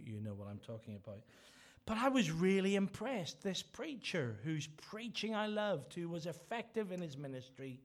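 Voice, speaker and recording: A middle-aged man from Ireland, preaching a sermon with earnest, emphatic repeated phrases. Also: mid-range voice. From Northern Ireland.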